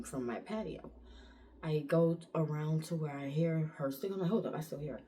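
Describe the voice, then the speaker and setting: A woman's voice: low voice, brisk, slight background noise. A woman from the United States telling a personal story in a casual vlog, acting out what people said and leaning on "like" as filler. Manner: animated retelling, acts out quotes, frequent "like" fillers.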